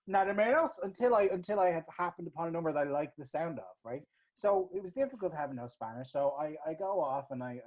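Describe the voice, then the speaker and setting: A man's voice: fairly high pitch, darkish tone. A young Irish man tells a chatty, self-mocking travel anecdote full of fillers and restarts. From Ireland. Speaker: guest storyteller. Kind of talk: casual spoken anecdote. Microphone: video call. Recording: dull lo-fi video call audio.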